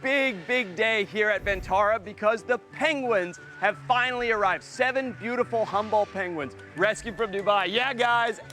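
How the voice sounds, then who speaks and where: A man presenting wildlife on location, excitable and exclamatory, cooing at the animals he is showing. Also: sits high, moderate pace, hardly any pauses, faint music behind.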